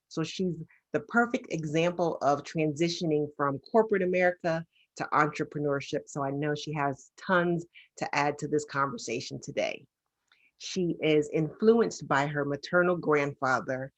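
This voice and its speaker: A woman giving a formal, measured welcome and introduction at the start of an online event. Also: low-pitched. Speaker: association vice president, introducer.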